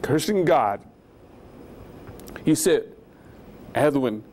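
A man recounts his past with raw emotion, his medium-pitched voice climbing sharply whenever he acts out what was said. A faint hiss of noise sits behind him in the recording. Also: normal speed, darkish tone. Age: 20s. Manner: emotional storytelling, acts out dialogue with sudden rises. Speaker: guest. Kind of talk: testimony in a religious interview.

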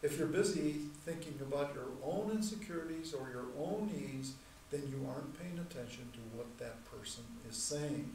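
A man teaching a church class in a measured, deliberate way, repeating key points and slowing down to stress terms. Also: a little high, darkish tone. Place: church hall. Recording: echoey room, mic far off, faint noise.

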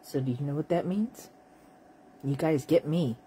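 A tired woman with a cough, talking in a slow, halting late-night monologue to her viewers. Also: deep voice, dark tone, slight background noise, poor audio. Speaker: vlogger.

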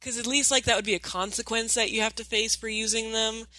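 A woman co-hosting a podcast in casual chat, sarcastic and quick, laughing often. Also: a little high, fairly even intonation, pushed and bright, no room sound. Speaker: podcast co-host.

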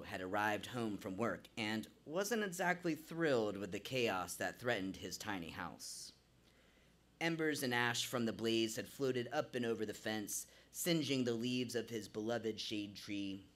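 A man's voice: on the low side, animated, measured pace, fairly bright tone. A man performing a live true story on a small venue stage, narrating vividly and theatrically into a stage microphone.

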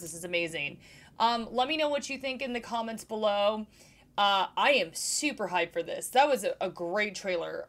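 Gushing, excited woman reacting to a trailer. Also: medium pitch. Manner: gushing, fangirling, lots of likes and ums. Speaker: video host reacting to a trailer.

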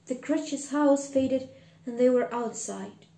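Woman reading a storybook aloud with chatty asides, high voice, roomy echo. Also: a little slow, vocal fry, mellow.

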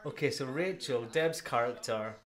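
A quippy British host talks through a reality show in a loose, excitable reaction commentary. The voice sits at a middling pitch and moves at an easy pace, full of quick asides and little laughs. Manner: chatty, quippy, excitable, laughs at own jokes.

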